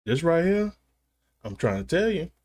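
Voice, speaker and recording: Give me a relaxed male streamer bantering with his chat from his gaming chair. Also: on the high side, normal speed. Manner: loose, joking, laughs often. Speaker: live streamer. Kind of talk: casual chat with live viewers.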